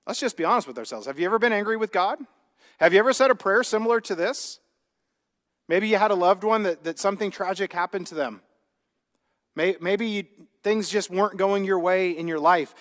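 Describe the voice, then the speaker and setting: A man preaching from the pulpit with a notably high voice. He talks to the congregation conversationally and keeps asking them rhetorical questions. His voice echoes with the long reverb of a church sanctuary. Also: a bit bright. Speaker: pastor. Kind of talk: sermon.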